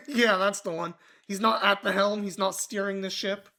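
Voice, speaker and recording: A man's voice: sits high, steady tone, moderate pace, bright, forceful tone. A man streaming a mystery game, thinking aloud in loose, casual commentary with offhand swearing.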